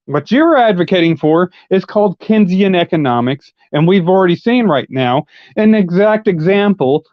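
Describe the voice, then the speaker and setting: A combative man ranting on a livestream, swearing constantly and mocking as he argues. His voice sits a little high for a man. The audio is muffled and lo-fi, with a dry, close sound and no room echo. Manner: combative, heavily profane; argumentative, mocking. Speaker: livestream commentator. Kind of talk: live-stream rant.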